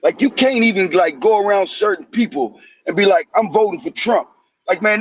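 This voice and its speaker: High, animated man on muffled audio. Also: brisk, soft background music. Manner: animated, profane, says "man" a lot. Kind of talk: casual chat.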